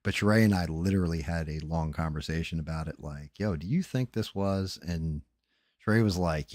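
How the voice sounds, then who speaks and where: A man's voice: low voice, normal speed, a little mellow, no echo, studio quality. A man hosting a casual late-night livestream, tired and rambling, with loose, profane talk. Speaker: livestream host.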